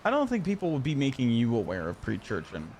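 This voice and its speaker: Lively teasing man in roleplay banter. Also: mid-range voice, fast, a little hiss or hum.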